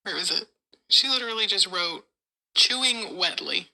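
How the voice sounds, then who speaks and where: Bright-voiced excitable young woman. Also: medium pitch, normal speed, creaky, poor audio. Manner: excitable, swears a lot, gushes over the story. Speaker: podcast co-host. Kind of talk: casual chat about a book.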